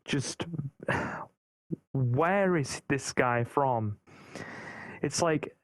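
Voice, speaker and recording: A man's voice: mid-range voice, very slow, dry recording. A British man talking casually in a podcast roundtable, rambling and often repeating words as he thinks. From Britain.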